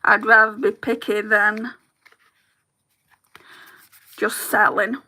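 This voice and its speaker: A woman's voice: mid-range voice, level tone, slow, sharp tone. A woman chatting candidly to the camera while doing her makeup, telling stories with a chatty, open manner. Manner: chatty, candid storytelling with laughs.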